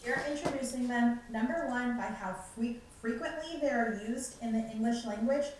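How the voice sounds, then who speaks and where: A woman talks teachers through a preschool lesson routine, now and then switching into a bright voice as if addressing children. Her slightly high voice comes from some distance away. The school library around her rings with heavy echo, with faint noise underneath. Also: moderate pace. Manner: modeling lines in a bright teacher voice. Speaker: curriculum presenter. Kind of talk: teacher training presentation. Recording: echoey room, distant mic, faint noise.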